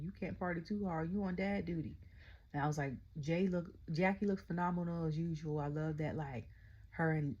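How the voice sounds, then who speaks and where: A middle-aged woman casually recapping a wrestling event, excitable and chatty, constantly retelling her own reactions. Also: sits low, dull audio. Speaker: wrestling show reviewer. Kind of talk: casual rant-style recap.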